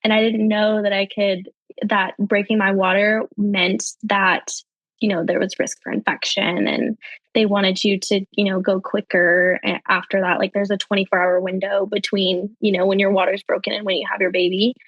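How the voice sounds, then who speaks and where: A young adult woman, a podcast guest telling her personal story in a chatty way, full of fillers, her voice jumping higher when she quotes people. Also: little pitch movement, moderate pace, no echo, lo-fi sound. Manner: chatty, heavy with fillers like um and you know.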